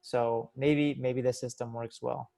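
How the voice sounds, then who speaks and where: A man's voice: medium pitch, fairly even intonation, unhurried, gravelly, mellow. Canadian man hosting a casual chat. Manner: friendly, stammering restarts. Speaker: podcast host. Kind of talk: casual interview.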